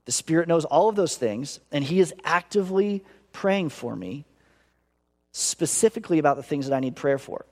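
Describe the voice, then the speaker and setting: A male pastor preaching a sermon in an earnest, expressive way. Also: moderate pace, in a large hall. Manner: earnest, acts out inner voices with big pitch swings.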